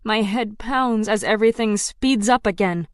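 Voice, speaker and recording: A woman's voice: mid-range voice, moderate pace, no room sound, clean studio sound. A woman narrating a first-person audiobook in a tense, dramatic storytelling manner.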